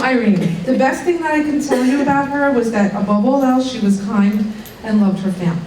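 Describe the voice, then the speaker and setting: A woman's voice: on the high side, a little fast, crowd noise. A middle-aged woman with a cold giving a heartfelt award acceptance speech, now and then laughing off her emotion. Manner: heartfelt, breaks off to laugh and recover. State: has a cold. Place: college dining room at an evening event. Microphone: podium mic from a distance. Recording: echoey room, distant mic.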